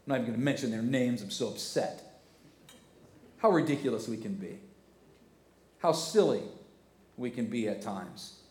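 Hoarse pastor preaching in an echoey church. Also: male voice, medium pitch, normal speed, pauses often. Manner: animated and conversational, with rhetorical questions. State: hoarse, voice cracking. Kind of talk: sermon.

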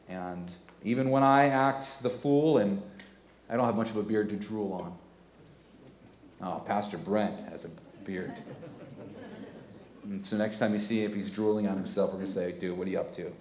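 A man in his forties preaching a sermon, swelling into loud, emphatic passages. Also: lowish voice, unhurried, pauses often, reverberant, a little hiss or hum. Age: 40s. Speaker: pastor. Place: church sanctuary.

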